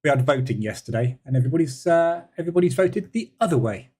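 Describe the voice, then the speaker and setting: A man's voice: fairly high pitch, animated, fast, dark tone, slightly rough. A man hosting a live trading stream, chatting casually and thinking aloud with many fillers while he reads and answers viewers' messages. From United Kingdom. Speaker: trading room host.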